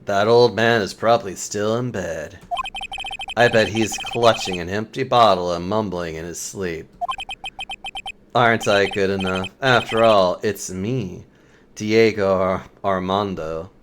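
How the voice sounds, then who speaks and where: A streamer voicing a smooth, teasing male prosecutor in a slow, low, smug manner. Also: background noise. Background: game music.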